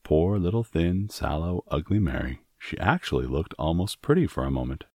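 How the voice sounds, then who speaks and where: A man narrating a storybook in a measured, expressive reading. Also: low-pitched, husky, dry recording, clean studio sound. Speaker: audiobook narrator.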